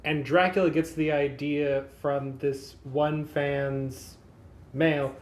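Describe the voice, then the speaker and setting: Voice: mid-range voice, flat delivery, slow pace, a little hiss or hum. Laid-back cohost walking thru plots, mid voice, echoey room. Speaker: podcast co-host. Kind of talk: casual chat.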